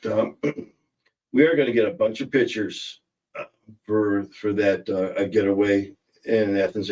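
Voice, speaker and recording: A man's voice: on the low side, a little mellow, distant mic, poor audio. A middle-aged man hosting a casual livestream, rambling and reading viewer comments aloud. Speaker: host.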